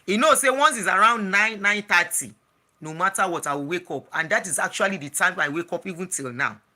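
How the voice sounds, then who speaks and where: A travel and lifestyle vlogger with a Nigerian accent tells a personal story in a casual vlog, chatty and slipping into Pidgin, often restarting. The adult speaker talks fairly quickly in a pushed, bright, mid-range voice.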